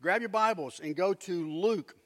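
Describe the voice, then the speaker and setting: A middle-aged man pastor preaching a sermon, telling stories with lively asides to the congregation. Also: sits high, moderate pace. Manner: animated storytelling with asides to the congregation.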